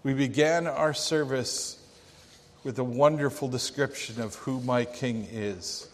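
A man pastor delivering a sermon in a church, telling a story with dramatic pauses. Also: medium pitch. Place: church sanctuary. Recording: long church reverb.

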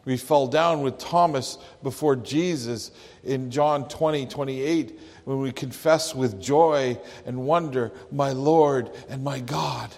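A pastor preaching a sermon, slow and emphatic, leaning hard on key words. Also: male voice, mid-range voice, a little mellow. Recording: long hall reverb.

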